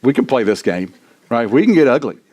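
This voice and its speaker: A middle-aged man preaching a sermon in a church, animated and self-deprecating, often tossing in "right?" to the congregation. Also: medium pitch, brisk. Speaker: pastor. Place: church sanctuary.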